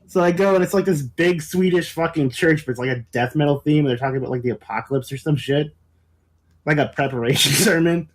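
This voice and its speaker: Higher-voiced man telling a wild story. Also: fast talker. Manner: animated, laughing often, heavy swearing. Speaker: podcast co-host. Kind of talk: casual storytelling chat.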